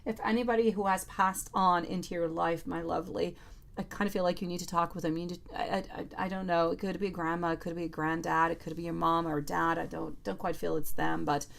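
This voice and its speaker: A woman's voice: fairly low pitch, little pitch movement, fairly quick, gravelly. A woman giving a live tarot reading and answering viewers in chat, affectionate, calling them sweetie and lovely. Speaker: tarot reader.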